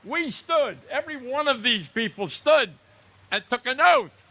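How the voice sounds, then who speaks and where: A man in his nineties, a Merchant Marine veteran, giving a solemn, measured memorial speech outdoors. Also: very high-pitched, lively intonation, sharp tone. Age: 90s. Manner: solemn, measured oratory with recited verse. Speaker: World War Two Merchant Marine veteran speaker.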